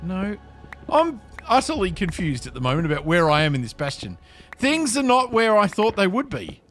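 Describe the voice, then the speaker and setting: A man's voice: sits high, wildly swooping pitch, normal speed, a bit bright, faint music behind. A man giving casual, flustered commentary while playing a video game, chatting to the creatures on screen.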